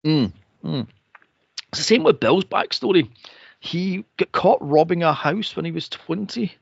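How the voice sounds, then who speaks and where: A man co-hosting a film podcast, sarcastic and profane, mocking characters with shrill impressions. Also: expressive, measured pace, vocal fry, husky, no room sound. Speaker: podcast co-host reviewing a film. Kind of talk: casual chat. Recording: dull lo-fi dry podcast audio.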